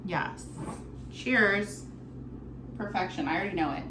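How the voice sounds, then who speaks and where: This bartender has a lowish voice and talks a little slowly as she demonstrates cocktails in her apartment's home kitchen or bar area. Bubbly and chatty, she curses casually, while music, background noise, and a roomy echo fill the recording.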